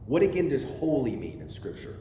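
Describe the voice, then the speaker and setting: A man preaches from the front of a church, his voice rising and falling in a lively way as he poses questions to the congregation. His tone is dark and mellow. The recording carries the long echo of a church hall, with a faint hiss underneath. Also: medium pitch, a little fast. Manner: animated, asks the congregation questions. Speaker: pastor. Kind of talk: sermon. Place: church sanctuary.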